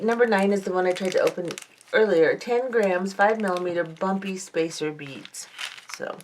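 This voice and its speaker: A woman's voice: fairly low pitch, slight background noise. A woman vlogger chatting casually as she unboxes craft beads, reading each item aloud and admiring them. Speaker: jewelry-making vlogger. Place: home craft table under lamps.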